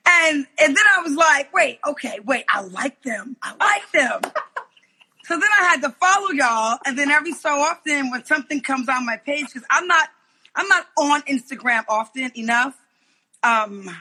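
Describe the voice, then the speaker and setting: A woman with a raspy voice, a football coach talking as a guest on a video call, telling stories animatedly and acting out quoted voices. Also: high-pitched, moderate pace, slight background noise, low-quality recording. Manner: animated storytelling, acts out quoted voices, laughs often. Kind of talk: casual interview chat.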